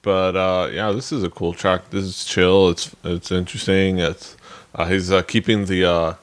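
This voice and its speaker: Deep-voiced rambling man podcaster. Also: level tone, moderate pace. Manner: rambling, lots of fillers and restarts. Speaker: podcast co-host. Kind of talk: casual chat about music.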